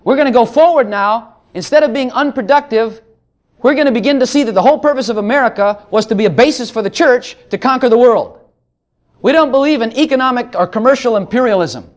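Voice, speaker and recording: A man's voice: extremely high pitch, fast talker. A man preaching a sermon, joking between passages of scripture he reads aloud. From Texas.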